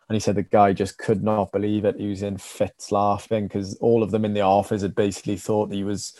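Low, flat-voiced Welsh rugby guest. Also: male voice, a little fast, hardly any pauses, dry recording, clean studio sound. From Wales. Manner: rambling, many fillers and restarts. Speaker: rugby sevens player, podcast guest. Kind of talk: casual chat, storytelling.

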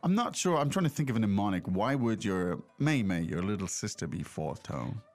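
A man's voice: fairly low pitch, sing-song, brisk, darkish tone, no room sound, faint music behind. A middle-aged man hosting a casual language lesson podcast, explaining and prompting with questions, with many fillers. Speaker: podcast host and teacher.

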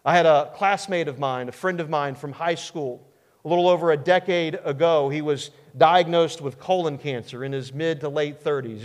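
A male pastor preaching a sermon in an earnest, emphatic way with dramatic pauses. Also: a little high. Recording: long hall reverb.

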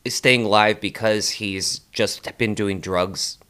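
A young man with a fairly low voice co-hosting a podcast. He talks casually and lets his sentences trail, with plenty of fillers along the way. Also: steady tone, slow, bright, forceful tone, smooth. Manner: laid-back, trailing, filler-heavy. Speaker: podcast co-host. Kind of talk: casual chat.

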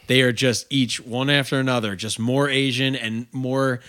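A man's voice: mid-range voice, fairly even intonation, moderate pace, a bit bright. A man telling a rambling, funny anecdote in casual podcast chat. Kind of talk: casual comedic storytelling.

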